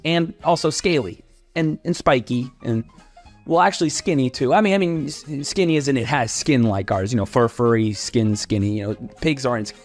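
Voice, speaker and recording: A man's voice: medium pitch, normal speed, faint music behind. A young French man with a French accent, narrating a playful comedic explainer in a chatty, self-interrupting way. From France. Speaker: comedy creator. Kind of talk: comedic educational sketch narration.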